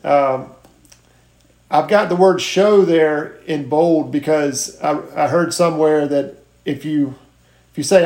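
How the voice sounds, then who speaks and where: An earnest man talks through his sales notes on a group video call, with halting restarts. His voice sits a little high for a man. The room around him echoes clearly. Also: darkish tone. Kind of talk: casual group call, sharing tips.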